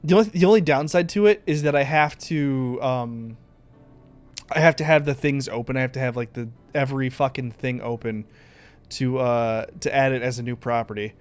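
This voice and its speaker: A man's voice: mid-range voice, normal speed, clean tone, faint music behind. A man streaming a game, talking casually and rambling, with a laid-back delivery and some swearing. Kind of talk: casual live-stream chat.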